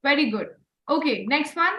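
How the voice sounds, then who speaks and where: High-voiced woman coaching a class. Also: expressive, moderate pace, pushed and bright. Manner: encouraging, repeats praise, mixes in Hindi. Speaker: voice and communication trainer. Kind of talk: online class. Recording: roomy echo.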